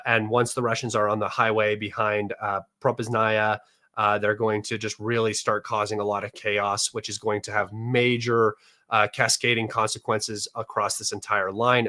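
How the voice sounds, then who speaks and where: A man's voice: fairly low pitch, pushed and bright. A man answering viewer questions in a casual talk, rambling, with many fillers and restarts. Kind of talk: casual analysis chat.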